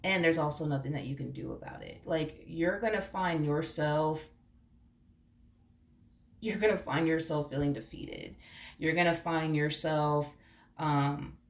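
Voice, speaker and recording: A woman's voice: sits low, fairly even intonation, a little slow, echoey room. A woman giving a casual, rambling tarot reading, emphatic and searching for words, swearing now and then. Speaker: tarot reader.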